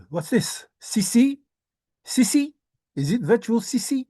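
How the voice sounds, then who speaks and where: A woman's voice: medium pitch, big pitch swings, slow pace, mellow, no echo. An older woman rambling to herself in a musing monologue, repeating words in a singsong way and humming. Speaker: treasure hunt vlogger.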